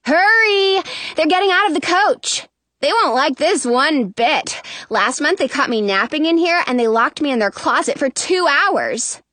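A sly, sweet young Cinderella, as a woman reader puts her on. Her high voice swings widely and she takes her time, with a dry close sound. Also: expressive, measured pace, pushed and bright, no room sound, full character voice. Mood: sweetly sly.

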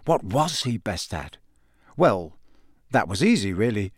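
A man reading a storybook aloud in a steady, measured narration. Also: lowish voice, slightly rough, no echo, clean studio sound. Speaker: audiobook narrator.

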